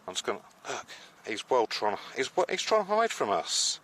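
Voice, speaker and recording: A man chatting casually on a live stream from a beach, excitable and sometimes dropping to a hushed voice. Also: medium pitch, normal speed, a little hiss or hum. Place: outdoors on a beach at low tide.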